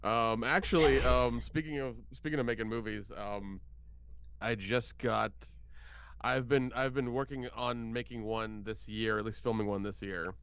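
A man's voice: medium pitch, steady tone, unhurried, fairly bright tone, smooth. A man co-hosting a podcast in casual chat, easygoing, with stammering restarts. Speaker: podcast producer and co-host.

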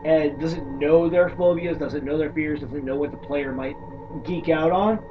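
A man chatting casually about tabletop horror games, an animated storyteller who swears freely. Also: on the high side, unhurried. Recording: distant dull mic with faint background noise.

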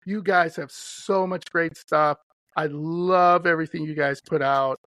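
A man from Wisconsin who hosts a podcast, chatty and animated, telling stories and laughing often. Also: on the high side, a little slow, dry recording. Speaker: podcast host. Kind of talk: casual podcast chat.

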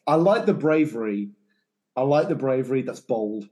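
A man in his thirties hosts a casual podcast chat over a video call. His voice is husky and sits in a middle pitch, and he mostly reacts to his guest with short, dry quips. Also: expressive, normal speed, mellow. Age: 30s. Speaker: podcast host.

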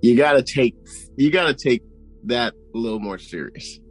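A man's voice: medium pitch, moderate pace, breathy edge, soft background music, low-quality recording. A man co-hosting a true crime podcast in casual chat, reacting with jokes and then arguing earnestly. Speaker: podcast co-host.

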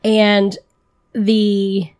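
A woman's voice: mid-range voice, completely flat delivery, drawn-out words, noisy background. A woman co-hosting a comics podcast, chatting casually with lots of "like" and small laughs. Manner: chatty, full of "like" and little laughs. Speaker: podcast co-host. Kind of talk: casual chat about comics.

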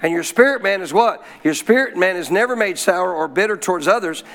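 A man with a high voice preaches a sermon to a congregation. He keeps calling out questions for the room to answer and draws out key phrases slowly for emphasis. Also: lively intonation, vocal fry, fairly bright tone. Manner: call-and-response preaching with frequent questions to the congregation; slows to stress key phrases. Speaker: pastor.

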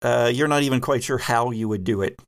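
A man narrating a tabletop horror game as game master, in measured, descriptive narration. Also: mid-range voice.

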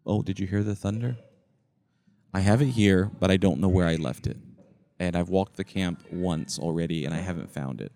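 A middle-aged podcast co-host with a low, dark voice and vocal fry speaks at a moderate pace. In casual chat he rambles and describes what he sees around him at a campground, recorded indoors in a noisy shared space.

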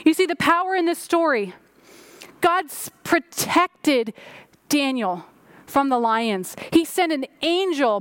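High-voiced woman pastor preaching. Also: lively intonation, takes it slowly, fairly bright tone, dry recording. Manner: preaching with rising and falling emphasis, prayerful. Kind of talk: sermon.

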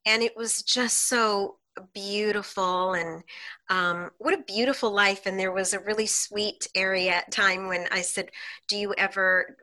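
A woman guest, a hypnotherapist, telling client stories in an animated way on a podcast and laughing often between lines. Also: medium pitch, unhurried. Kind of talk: podcast interview storytelling.

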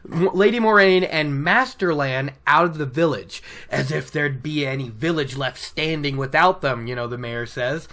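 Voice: medium pitch, moderate pace, hardly any pauses, fairly bright tone. A podcast host casually retelling a novel from notes, chatty and laughing between asides. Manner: chatty, laughing, self-interrupting. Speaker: book recap podcast host.

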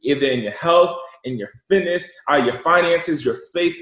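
A man telling an animated story and giving motivational talk as an interview guest, repeating himself for emphasis. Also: a little high, normal speed, hardly any pauses, roomy sound, rough recording. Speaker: guest, entrepreneur.

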